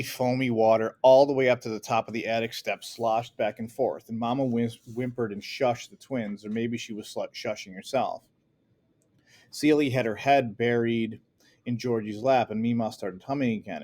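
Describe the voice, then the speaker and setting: Guy reading a chapter book out loud, lowish voice, steady and earnest. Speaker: audiobook narrator. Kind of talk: first-person audiobook reading.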